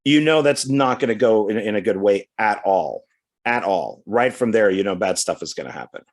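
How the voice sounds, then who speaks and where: With a lowish, animated voice at a moderate pace, a DVD collection vlogger goes through his new purchases in casual unboxing commentary. He reads the back covers out loud and chats as he goes.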